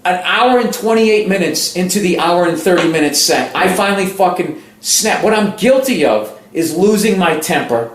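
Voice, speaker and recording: Comedian guy, highish voice, swearing nonstop, echoey room. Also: expressive, moderate pace, hardly any pauses. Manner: profane, emphatic ranting. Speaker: stand-up comedian. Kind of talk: casual heated chat. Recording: roomy echo.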